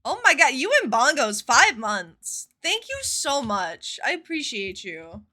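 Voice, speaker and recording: Woman, streamer, casual chat, swears freely, expressive storytelling, bright voice. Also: on the high side, takes it slowly. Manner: chatty, profane, expressive storytelling.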